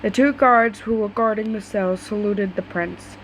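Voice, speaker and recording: Woman reading fanfic out loud, casual, trips on words, mid-pitched. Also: normal speed, a little hiss or hum, poor audio. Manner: casual, stumbling, swears in asides. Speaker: story reader. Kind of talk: reading fan fiction aloud.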